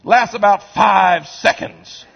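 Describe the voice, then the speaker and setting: A man preaching a sermon in a church, swinging from quiet asides to shouted lines in a call-and-response style. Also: sits high, slow, creaky, slightly rough, muffled recording. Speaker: pastor. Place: church sanctuary.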